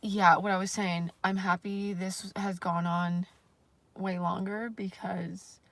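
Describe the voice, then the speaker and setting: A woman's voice: on the low side, flat delivery, slow, a bit bright, no echo. A woman vlogger talking casually on a livestream, rambling and self-conscious, with lots of fillers and the odd swear word.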